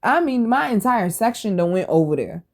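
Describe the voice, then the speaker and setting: A woman hosting a podcast, telling stories in a casual, animated and blunt way, full of slang and swearing. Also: mid-range voice, moderate pace. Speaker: podcast host. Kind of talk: casual storytelling monologue.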